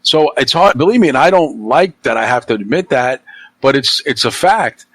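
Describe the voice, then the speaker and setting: A man's voice: mid-range voice, animated, normal speed, no echo, poor audio. A middle-aged man hosting a podcast in casual chat, blunt and opinionated, swearing freely. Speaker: podcast host.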